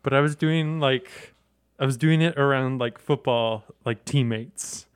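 Slow, laid-back young man, dry sound. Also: medium pitch, clean tone, no room sound. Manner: laid-back, laughs often, halting with fillers. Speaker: host. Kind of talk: casual podcast chat.

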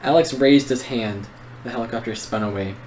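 A man's voice: mid-range voice, brisk, darkish tone, slight background noise, poor audio. A young man co-hosting a book podcast, reading narration aloud and chatting eagerly. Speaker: podcast co-host. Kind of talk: reading narration and casual chat.

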